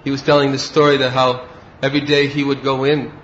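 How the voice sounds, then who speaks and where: A man giving a devotional class and telling a story in a relaxed way, sometimes chuckling. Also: mid-range voice, fast talker. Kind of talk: storytelling sermon. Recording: dull lo-fi recording with faint hiss.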